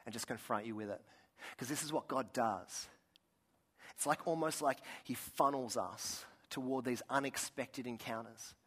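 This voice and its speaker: A young man preaching a sermon in a conversational, storytelling way, often restarting his sentences and dropping to a soft voice for emphasis. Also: mid-range voice, moderate pace, husky. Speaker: pastor.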